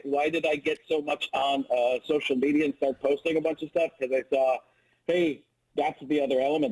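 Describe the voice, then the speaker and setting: A man's voice: fairly high pitch, poor audio. A man, a comedian, chatting as a guest in an interview and telling stories with lots of stammered restarts. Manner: stammering restarts, animated storytelling. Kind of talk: casual interview chat.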